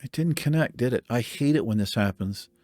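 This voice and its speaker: A man's voice: medium pitch, lively intonation, brisk, darkish tone, dry recording, clean studio sound, faint music behind. A man hosting a gaming channel, thinking aloud and muttering in casual let's-play commentary, mildly exasperated.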